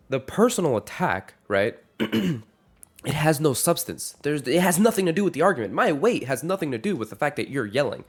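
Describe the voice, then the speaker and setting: A man's voice: a little high, big pitch swings, a little fast, slightly rough. A young man giving a casual rant to camera, rambling and correcting himself as he goes, with a wry tone. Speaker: vlogger.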